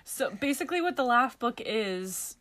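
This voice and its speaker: A woman's voice: fairly high pitch, very animated, normal speed, fairly bright tone. A woman co-hosting a podcast in casual chat, teasing and laughing often. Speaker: podcast co-host.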